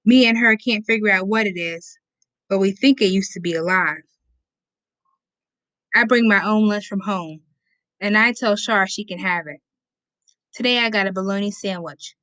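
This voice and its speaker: Woman reader, middle pitch, dry close sound, casual first-person narration. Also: moderate pace, pauses often, fairly bright tone, no echo. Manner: casual, conversational storytelling. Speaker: audiobook reader.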